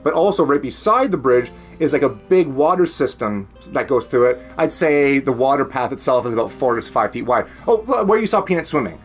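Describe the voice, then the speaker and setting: A man with a Canadian accent chats casually from home on a stream, rambling, laughing a lot and swearing freely. His mid-range voice is animated and brisk, with hardly any pauses, and soft music plays in the background.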